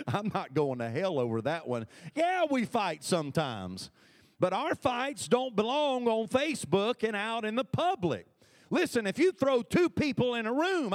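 A man preaching a sermon as pastor, talking conversationally and calling for responses from the congregation. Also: high voice. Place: church sanctuary.

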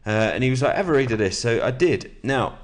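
A podcast host with a slightly sore throat and a mid-range voice reads aloud from a book at an even, measured pace, keeping a relaxed, matey manner.

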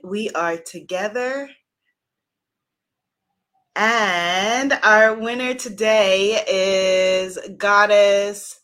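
A woman's voice: mid-range voice, drawn-out words, pauses often, a bit bright. A woman hosting a live stream as an author, chatting effusively with viewers, greeting commenters by name and laughing often. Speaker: livestream host and author.

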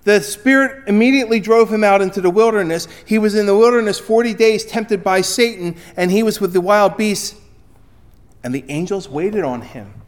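Male pastor with a high voice, emphatic sermon delivery that swings between loud and quiet. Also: normal speed.

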